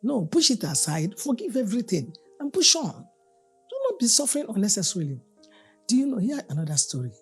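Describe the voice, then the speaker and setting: Over soft music, a woman pastor with a husky, mid-range voice moves fairly quickly through a storytelling sermon. She's an animated storyteller, bringing everyday tales to life by playing each character.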